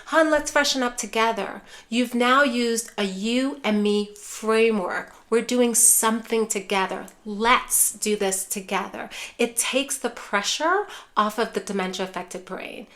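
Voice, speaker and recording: A woman with a somewhat high voice teaches caregivers of people with dementia. She speaks in a reassuring way, often calls her viewers care partners, and softens her voice when she models kind phrases to use. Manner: acts out caregiver phrases softly. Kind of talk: direct-to-camera teaching.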